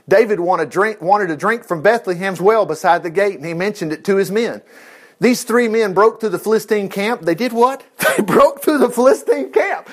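A man reading the Bible aloud in an informal way, breaking in with excited exclamations and asides. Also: high voice. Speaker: Bible teacher.

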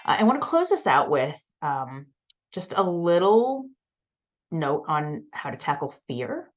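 A woman's voice: deep voice, very animated, slow pace, lo-fi sound. A woman coaching her students in a casual bootcamp talk, chatty and encouraging, with lots of "like" and "um". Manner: chatty, frequent fillers like "like" and "um", encouraging.

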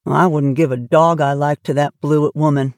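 A woman voicing a shy, quiet elderly farmer who speaks with a gentle drawl. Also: low voice, steady tone, normal speed, dry recording, clean studio sound. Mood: firm.

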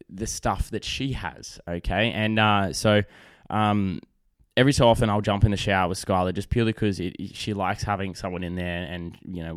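Chatty dad with low voice. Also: male voice, no echo, clean studio sound. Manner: rambling, chatty, lots of fillers and restarts. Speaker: podcast host. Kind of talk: casual solo podcast storytelling.

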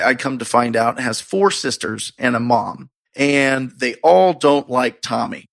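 Gravelly, bright-toned expressive man storyteller. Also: medium pitch. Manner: expressive, acts out his own excited reactions. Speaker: real estate investor telling his story. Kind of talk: casual storytelling.

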